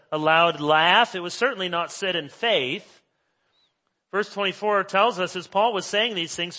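A middle-aged male pastor preaching a sermon, swinging from hushed asides to loud emphasis. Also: high-pitched.

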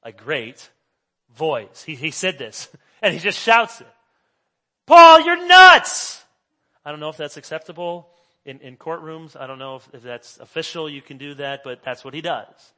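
A middle-aged male pastor preaching a sermon, swinging from hushed asides to loud emphasis. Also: fairly high pitch, normal speed.

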